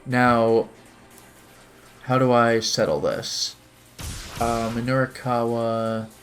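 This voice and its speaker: A man's voice: medium pitch, lively intonation, moderate pace. A man playing a visual novel on stream, chatting casually and reading its narration and dialogue aloud with light character voices. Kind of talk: casual game commentary with read-aloud narration.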